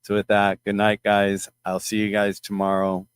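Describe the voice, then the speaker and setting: A middle-aged man with a fairly low voice shares a personal story with his viewers. He rambles and restarts often. The sound is dry and close. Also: monotone, clear, resonant tone, no room sound. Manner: rambling, halting, emotional retelling with many restarts. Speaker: channel host.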